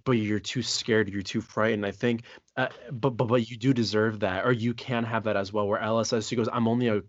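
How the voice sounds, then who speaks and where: A man's voice: on the low side, dry recording, highs cut off. A man co-hosting a podcast, talking through a film in casual chat with earnest, reflective enthusiasm. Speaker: podcast co-host.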